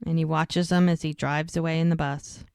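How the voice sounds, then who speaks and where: A woman's voice: sits low, flat delivery, normal speed, darkish tone, clear, resonant tone, dry recording. A woman co-hosting a podcast, chattily retelling an episode scene by scene with frequent fillers. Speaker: podcast co-host. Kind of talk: casual episode recap.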